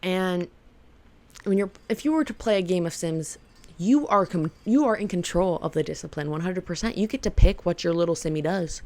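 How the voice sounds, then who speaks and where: Speaking to camera about self-improvement, a female vlogger keeps it playful and loose, wandering around her points and leaning heavily on "like." Her voice is lowish and slightly mellow, at a normal speed.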